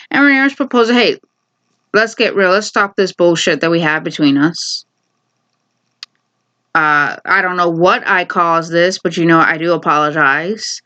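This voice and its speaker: A woman giving a casual, opinionated recap of a TV episode, paraphrasing characters in quick asides. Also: on the low side, bright, forceful tone. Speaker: TV recap vlogger.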